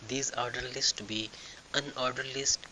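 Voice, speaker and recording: Bright-voiced man teaching a software tutorial. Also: medium pitch, steady tone, slight background noise, low-quality recording. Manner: halting, thinking aloud with fillers and restarts. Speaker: tutorial instructor. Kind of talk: screen-recorded software tutorial.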